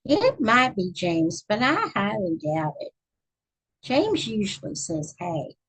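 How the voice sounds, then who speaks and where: A woman's voice: on the high side, huge pitch swings, slow, a bit bright, breathy edge, low-quality recording. A middle-aged woman from Texas hosting a casual live stream, chatting with viewers and counting stitches aloud as she crochets. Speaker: channel host reading books.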